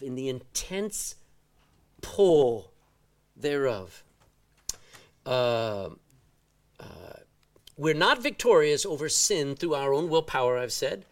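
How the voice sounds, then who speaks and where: A man from Texas with a Texan accent, preaching a sermon in a folksy, animated way and drawing out words for emphasis. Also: a little high, vocal fry, distant mic. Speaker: pastor. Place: church.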